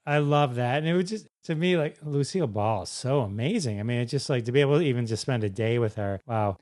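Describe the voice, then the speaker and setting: A man's voice: medium pitch, expressive, quick pace, a little mellow. A man hosting a podcast, chatting casually and asking playful, eager follow-up questions. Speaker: podcast host. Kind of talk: casual interview chat.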